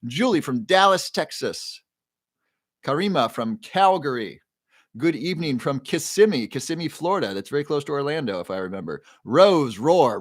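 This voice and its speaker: Upbeat man greeting viewers on a livestream. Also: mid-range voice. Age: 40s. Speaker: livestream host. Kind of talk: casual livestream chat, reading viewer comments.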